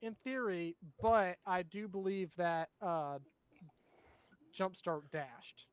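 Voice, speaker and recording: With a markedly high-pitched voice, a man leads a tabletop game, describing each scene vividly. He breaks off to clarify rules and checks for his group, joining in their laughs. His tone comes across clear and resonant, free of echo.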